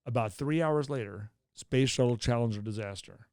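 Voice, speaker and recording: A man in his sixties, a meteorologist hosting a podcast, telling stories in a casual, animated way and often checking in with "okay?". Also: mid-range voice, normal speed, dry recording, clean studio sound. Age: 60s. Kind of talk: casual storytelling chat.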